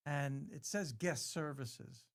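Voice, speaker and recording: A man's voice: on the high side, slow pace. A man co-hosting a casual comedy chat. He talks eagerly and keeps pushing to tell his own story. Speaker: co-host.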